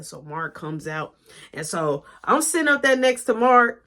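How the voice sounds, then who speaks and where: A woman casually telling a personal story in a lively, profane, animated way. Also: on the high side, measured pace.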